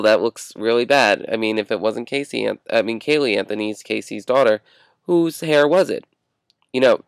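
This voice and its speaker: A man's voice: mid-range voice, no room sound. A young man hosting his own vlog, chatting casually through news topics with rambling restarts and asides. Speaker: vlog host.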